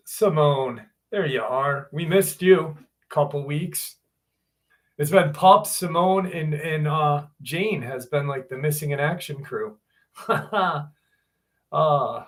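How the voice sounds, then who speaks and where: A man hosts a casual live stream, taking his time as he greets viewers one by one. His voice sits a little high for a man, and he speaks slowly in an easygoing, unhurried way. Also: fairly bright tone. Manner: laid-back, greets viewers one by one by name.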